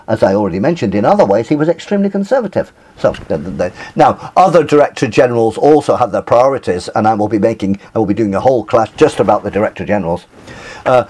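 A man's voice: on the low side, a little mellow. A man giving a university lecture, hesitant, with many fillers and self-corrections.

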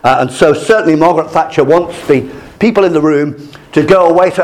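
A man's voice: fairly high pitch, quick pace, few pauses, slight background noise. An older man giving a classroom lecture, telling stories and acting out the people he quotes. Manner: lively, storytelling, acts out quoted voices.

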